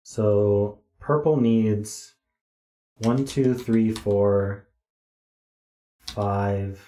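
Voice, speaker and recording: Tired man muttering numbers, deep and dark. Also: steady tone, echoey room. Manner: slow, muttering, counting digits aloud. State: tired, yawning. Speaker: puzzle streamer. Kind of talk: thinking aloud while solving.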